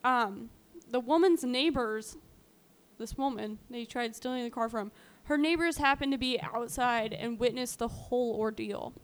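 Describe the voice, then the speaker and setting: Speaking at a normal speed in a slightly high voice, a woman co-hosts a podcast and loosely retells a true-crime story. Her chatty style is packed with fillers like "um" and "like," and she acts out quotes as she goes.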